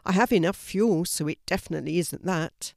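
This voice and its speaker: A woman's voice: fairly low pitch, a little fast, gravelly, a little mellow, dry recording, clean studio sound. A woman voicing a friendly, slightly flustered village postman in a storybook reading. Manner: friendly, puzzled, grateful. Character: kindly village postman, grown man, a bit flustered.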